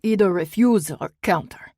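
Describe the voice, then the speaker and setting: Lady narrator putting on a loud growly eastern european thug boss, cold and leering, audiobook. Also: medium pitch, normal speed, no room sound, clean studio sound, pitched above the performer's own voice, lightly acted. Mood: demanding. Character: menacing gruff middle-aged male crime boss.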